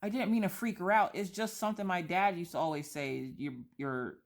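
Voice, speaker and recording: A woman in her thirties chatting casually about her kids while she colors, telling lively stories and acting out quotes. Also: fairly low pitch, a little fast. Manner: chatty, animated storytelling with voiced quotes. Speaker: vlogger and mother.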